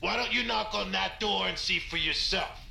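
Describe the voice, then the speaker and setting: A man's voice: high-pitched, moderate pace, creaky, bright, forceful tone, echoey room, faint music behind, full character voice. A man voicing a rude, boastful tenant in a rundown building in a video game, talking in a dismissive, crude way.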